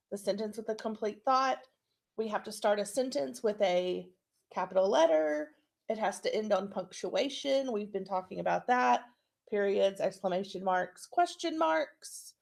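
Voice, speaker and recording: A woman teacher talks through a recorded class lesson at an unhurried, deliberate pace. Her voice sits a little high, with a gravelly fry. She keeps checking in with "okay?". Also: darkish tone. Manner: slow, clear instructional delivery with frequent checks.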